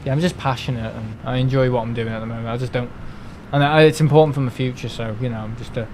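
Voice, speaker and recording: A man's voice: mid-range voice, steady tone, quick pace, a little mellow, a little hiss or hum, low-quality recording. A young man, chatting casually on a live stream, rambling and grumbling as he talks. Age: young adult. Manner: rambling, grumbling, mimics other people in asides.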